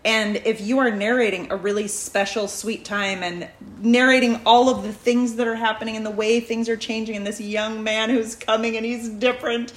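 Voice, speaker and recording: A woman's voice: a little high, level tone, moderate pace, few pauses, reverberant, low-quality recording. A woman co-hosting a podcast, talking reflectively in long, winding thoughts. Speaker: podcast co-host. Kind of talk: casual chat.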